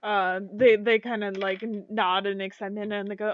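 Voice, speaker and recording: A woman's voice: mid-range voice, flat delivery, normal speed, no room sound. A woman narrating as game master of a tabletop game, in a casual way full of "like" and "kinda". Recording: dull lo-fi dry recording.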